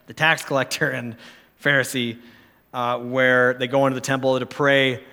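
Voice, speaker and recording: A man's voice: medium pitch, level tone, normal speed, gravelly, pushed and bright. A man preaching a sermon in an earnest, pleading, conversational way, correcting himself as he goes. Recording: long hall reverb.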